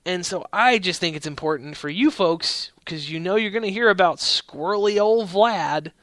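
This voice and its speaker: Male podcast host, higher-pitched, opinionated rambling commentary. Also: moderate pace, a bit bright, no room sound. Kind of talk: casual political commentary.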